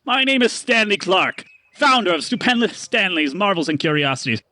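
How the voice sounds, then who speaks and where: A man voicing a boastful showman merchant, with a theatrical sales pitch and drawn-out words, in a tabletop role-play. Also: lively intonation, pushed and bright, no echo, exaggerated voice. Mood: grand.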